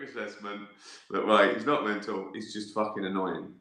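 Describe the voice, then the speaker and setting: A man's voice: deep voice, flat delivery, moderate pace, pushed and bright. Sweary man in an echoey room. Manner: sweary, rambling, laughs at his own stories. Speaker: livestream host answering viewer questions. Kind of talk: casual chat.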